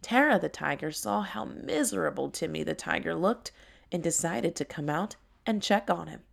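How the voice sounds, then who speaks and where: A woman narrating a children's story in a gentle, unhurried way. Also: on the low side, animated, vocal fry.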